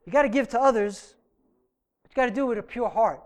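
Male pastor preaching a sermon in a church, bright high voice with a smooth, clear tone. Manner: earnest preaching with emphatic, drawn-out phrases.

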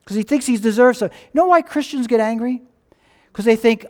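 A man's voice: very high voice, fast. A man preaching a sermon, telling a story animatedly and asking the congregation questions. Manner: animated storytelling, acting out characters' lines. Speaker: pastor.

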